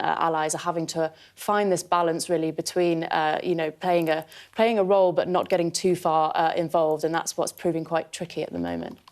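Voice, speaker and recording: A woman correspondent explaining a political story live, measured with many fillers. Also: low voice, darkish tone. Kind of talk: live news report.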